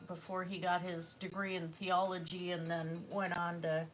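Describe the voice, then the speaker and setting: A woman's voice: fairly low pitch, little pitch movement, moderate pace, soft background music. A woman chatting casually while she paints on a livestream, rambling with fillers and self-corrections. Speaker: artist livestreaming a painting session.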